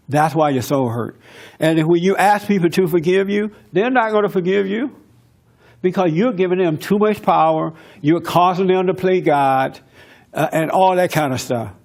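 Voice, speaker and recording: Earnest preacherly man, fairly high voice. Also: darkish tone. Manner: earnest, preacherly, asks rhetorical questions. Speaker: radio show host. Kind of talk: faith-based advice talk.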